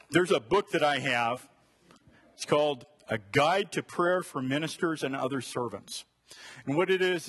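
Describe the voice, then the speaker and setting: A middle-aged pastor preaches in a church sanctuary with a husky, slightly breathy voice. He is animated and joking, jumping from loud excited bursts to soft, prayerful murmurs. His pitch sits at an ordinary middle for a man. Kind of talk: sermon.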